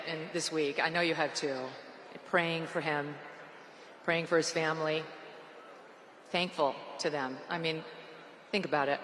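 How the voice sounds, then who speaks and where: A woman's voice: fairly low pitch, pushed and bright, slight background noise. Sarcastic woman speaking at a rally. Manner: mocking, sarcastic, punchy delivery. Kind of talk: political rally speech. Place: large indoor rally venue. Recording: echoey arena PA reverb.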